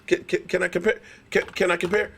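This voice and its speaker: A man with a straining voice hosts a live sports stream, loud and fired up, teasing rival fans. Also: sits high, level tone, brisk, creaky, slightly rough.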